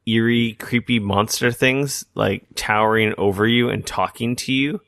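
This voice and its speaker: A man with a fairly low voice chats casually on a podcast, rambling from thought to thought and swearing freely. The sound is close and dry. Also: a little slow, vocal fry, fairly bright tone, no echo. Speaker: podcast host. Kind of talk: casual chat.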